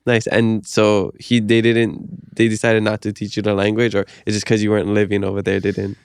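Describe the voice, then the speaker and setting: A man's voice: fairly low pitch, completely flat delivery, a little fast, smooth, no echo, clean studio sound. A man from Hawaii who hosts a podcast and talks in an easygoing, encouraging way, with lots of "you know". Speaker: podcast host. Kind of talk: casual interview chat.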